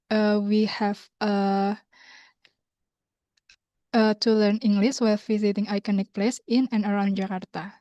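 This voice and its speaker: Mellow young Indonesian woman hosting. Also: mid-range voice, dry recording. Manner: unhurried, with hesitant learner phrasing. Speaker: community host. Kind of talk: online class announcements. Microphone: video call.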